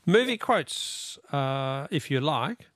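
A man hosting a radio quiz, joking with callers and reading out messages briskly. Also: a little high, sing-song, a bit bright, dry recording, studio quality. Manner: jovial, bantering, reads messages briskly. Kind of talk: casual radio banter.

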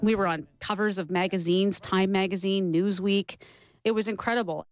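A woman in her forties, a former athlete telling her story in an interview, warm and emotional, sometimes laughing as she remembers. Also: mid-range voice, steady tone, moderate pace, dry recording. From Canada. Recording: dull lo-fi sound.

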